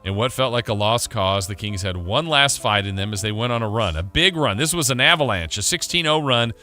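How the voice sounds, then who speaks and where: A man co-hosting sports radio, briskly recapping a game and laughing at sound drops. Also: fairly low pitch, animated, sharp tone, soft background music.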